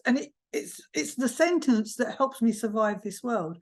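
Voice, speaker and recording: A woman's voice: fairly high pitch, normal speed, few pauses. A woman in the audience asking questions and giving blunt, enthusiastic comments.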